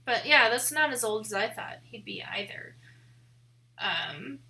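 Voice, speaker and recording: A young woman from the American Midwest, chatting casually on a live stream in a rambling way, full of "like" and quick laughs. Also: fairly high pitch, expressive, vocal fry, sharp tone, a little hiss or hum. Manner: chatty and rambling, heavy use of "like", laughs often. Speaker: photography streamer.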